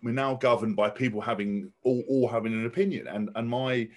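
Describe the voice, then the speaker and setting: A man's voice: medium pitch, fairly even intonation, brisk. A man speaking as a podcast guest, blunt and outspoken, swearing freely and often restarting his sentences. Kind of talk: casual podcast conversation.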